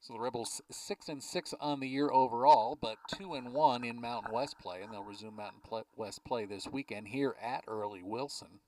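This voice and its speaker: A man calling a baseball game play by play from a ballpark press box, chatting easily between pitches. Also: normal speed, few pauses, dark tone, dry recording, far from the mic, poor audio. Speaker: play-by-play announcer.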